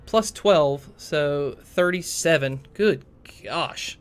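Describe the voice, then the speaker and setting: A man's voice: on the high side, very slow. A man acting as game master, tallying rolls aloud and narrating events in a tabletop game. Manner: tallies dice rolls aloud.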